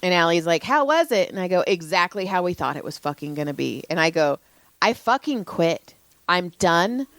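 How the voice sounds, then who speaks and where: A young woman co-hosting a podcast, who works as a massage therapist, vents anecdotes in casual, profane chat. Her lowish voice moves at normal speed through animated storytelling, with no room sound.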